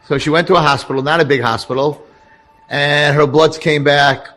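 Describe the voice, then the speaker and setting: A rabbi telling a story to an audience, animated and acting out the lines of the people in it. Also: male voice, on the high side, quick pace, faint music behind. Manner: animated, acts out dialogue. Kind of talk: storytelling talk.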